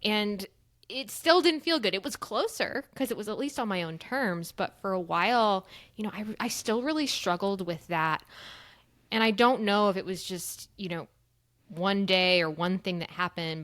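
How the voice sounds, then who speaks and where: Woman, thirties, mid pitch, dry close mic, earnest reflective podcast talk. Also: fairly bright tone, no room sound. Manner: earnest, reflective, quick to laugh. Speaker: podcast co-host. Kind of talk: casual podcast chat.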